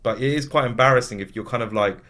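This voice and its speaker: A man, chatting casually as an interview guest and telling lively stories. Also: medium pitch, fast talker. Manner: animated storytelling with voiced impressions. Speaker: comedy actor and writer, guest.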